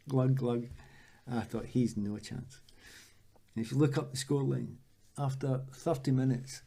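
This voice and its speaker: A former footballer in his sixties, Scottish by birth, shares spirited interview anecdotes while impersonating the voices of those he quotes. His mid-range voice is gravelly and moves at a normal speed.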